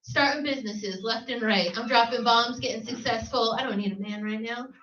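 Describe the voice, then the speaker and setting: A woman's voice: fairly high pitch, a little fast, fairly bright tone, highs cut off. A woman hosting a comedy night in a brash, boastful, crude comedic persona. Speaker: open mic host. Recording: echoey room, far from mic, noisy.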